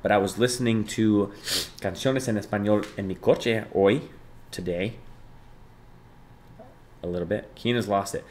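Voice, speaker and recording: A young man hosting a live stream, reading chat aloud and thanking viewers, jumping between loud bursts of excitement and low mumbled asides. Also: moderate pace, long pauses, slight background noise. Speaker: livestreamer.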